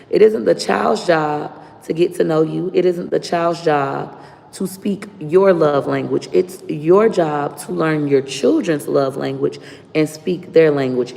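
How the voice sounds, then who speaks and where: A woman streamer with a gravelly, warm voice on the low side rants casually at her viewers, blunt, profane, and fired up. The recording has a roomy echo with long reverb.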